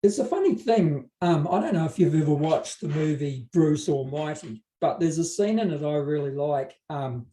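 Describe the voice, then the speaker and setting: A man's voice: a little high, animated, moderate pace, hardly any pauses, warm tone, slight background noise. Give me a man preaching a conversational sermon, telling stories with joking asides. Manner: casual storytelling with joking asides. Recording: roomy hall from a distant mic.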